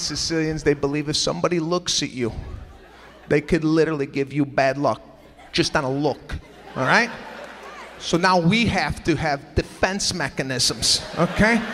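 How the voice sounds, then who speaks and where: A man doing a stand-up comedy set, animated, acting out his family and rising to shouts. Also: on the high side, in a large hall. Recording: live club with audience and room noise. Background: audience laughter.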